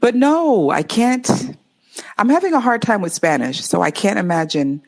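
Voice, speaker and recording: A Los Angeles woman with a Californian accent works as an English tutor and answers interview questions with upbeat, expressive energy. Her voice sits in the middle range, and she enunciates clearly at a moderate pace.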